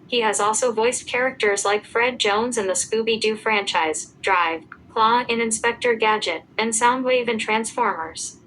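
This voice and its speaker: A woman giving a scripted narration, reading out lists of names and dates at an even pace. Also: on the high side, a little slow, few pauses, slight background noise, poor audio.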